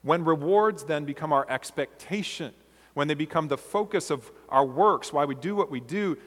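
A man preaching a sermon as a pastor, earnest and measured, asking his listeners rhetorical questions. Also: fairly high pitch, in a large hall.

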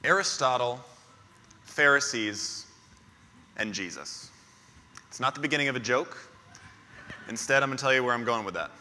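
A man's voice: mid-range voice, fast, pauses often, bright, forceful tone, long reverb tail. A man preaching a sermon as pastor, emphatic and repeating key phrases in lists.

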